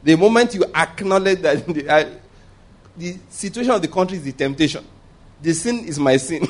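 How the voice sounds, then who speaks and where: A man's voice: fairly high pitch, animated, moderate pace. A man preaching a sermon, emphatic and repeating his points, asking the congregation rhetorical questions. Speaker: pastor.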